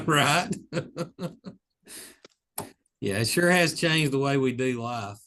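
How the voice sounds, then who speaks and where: A man's voice: medium pitch, expressive, bright, forceful tone. A man hosting a casual podcast chat, throwing in wry jokes and laughing easily. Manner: joking, quick to laugh, wry asides.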